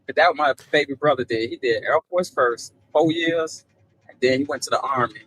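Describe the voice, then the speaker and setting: A man's voice: medium pitch, fairly quick, fairly bright tone, husky, no echo, low-quality recording. A man guest, chatting eagerly and stumbling over his words. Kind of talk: casual chat.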